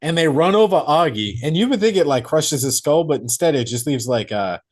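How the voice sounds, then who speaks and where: Animated man retelling movie scenes. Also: on the high side, a little fast. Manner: animated, acts out scenes in put-on voices, swears freely. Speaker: podcast co-host. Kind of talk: casual movie review chat.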